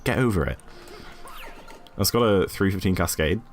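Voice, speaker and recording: A British man with a fairly low voice chats and rambles to his stream while gaming, laughing often. His pitch swings widely and animatedly as he talks. Faint game music plays behind him. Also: expressive, normal speed. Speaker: speedrun streamer. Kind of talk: casual chat while gaming.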